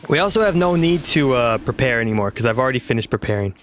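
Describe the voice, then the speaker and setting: A man's voice: mid-range voice, expressive, quick pace, faint music behind. A man casually commenting on a video game he plays, rambling and trailing off. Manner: rambling, chuckling, trails off mid-sentence. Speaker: let's play host.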